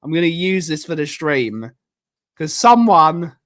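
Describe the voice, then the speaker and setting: A British man chats casually on his live stream, drifting from one thought to the next. His voice is slightly high and a bit bright, with big pitch swings and an unhurried pace. He rambles, repeats his lines, and keeps cracking jokes.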